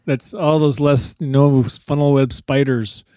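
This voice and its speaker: A man co-hosting a comedy podcast, riffing crudely with deadpan delivery. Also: medium pitch, a little slow, clean tone, no room sound, studio quality. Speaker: podcast co-host.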